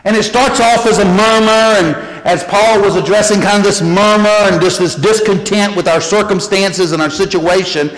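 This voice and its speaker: A man preaching a sermon as pastor, animated and repeating key phrases. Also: high voice, normal speed, hardly any pauses. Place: church sanctuary. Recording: echoey church hall.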